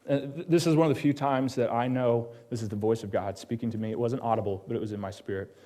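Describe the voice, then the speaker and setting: A man preaching a personal sermon in a church, telling his story and turning to ask the congregation quick questions, going quiet and low on the solemn lines. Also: steady tone. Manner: drops to a hushed tone on solemn lines. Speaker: pastor.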